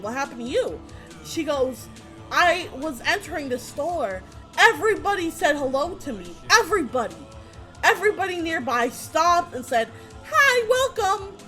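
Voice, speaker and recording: A young adult woman telling a casual storytime, animated, laughing often, swearing freely and acting out the people she quotes. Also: high-pitched.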